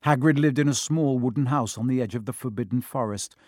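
A man reading a children's fantasy novel aloud in measured, scripted narration. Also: mid-range voice, darkish tone, no room sound, studio quality. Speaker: audiobook narrator.

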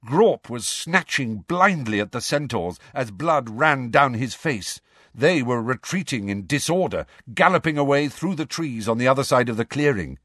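A man narrating a storybook, expressive and varied, doing character voices. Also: mid-range voice, dry recording, clean studio sound. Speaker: audiobook narrator.

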